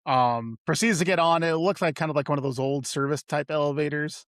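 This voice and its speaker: Brief: middle-aged male co-host, slightly high voice, wry jokey asides, dry close mic. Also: fairly quick, a bit bright, dry recording. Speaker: podcast co-host. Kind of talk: casual chat reviewing a TV episode.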